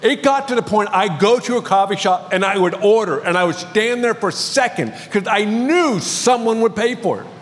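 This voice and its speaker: A man's voice: sits high, expressive, moderate pace, hardly any pauses. A male pastor preaching a sermon, telling a story with light humor. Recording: long reverb of a large hall.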